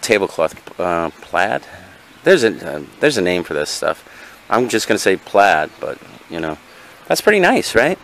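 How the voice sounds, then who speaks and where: A man with a mid-range, slightly bright voice rambles through his thrift finds in a casual haul vlog, chatting straight to viewers and often correcting himself mid-sentence. He's a reseller showing off his finds, and there's a little hiss or hum in the audio.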